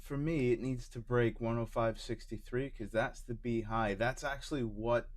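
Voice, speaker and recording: A man's voice: medium pitch, fairly even intonation, moderate pace. A man co-hosting a live trading show, laughing easily and getting emphatic when he makes a point. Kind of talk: casual trading chat.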